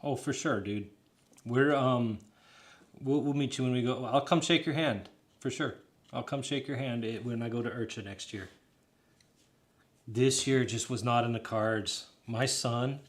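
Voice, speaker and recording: Casual hobbyist guy in his 30s, mid-pitched, rambling chat to viewers, quick laughs. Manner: rambling, chatty, laughs often, talks to viewers directly. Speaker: hobbyist builder talking to stream chat. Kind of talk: casual live build chat.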